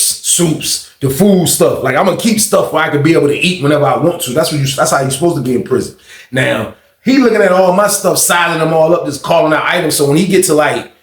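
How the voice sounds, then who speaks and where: Man, casual storytime, slangy, voice a little higher than average, roomy echo. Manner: slangy, loose, fills with "you know what I mean".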